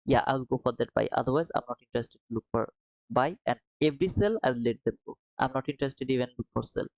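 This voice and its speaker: A man's voice: medium pitch, fast talker, creaky, a little mellow, no room sound, rough recording. A man hosting a live trading stream, reading viewers' comments aloud and answering them in a friendly, casual way, calling them brother and man.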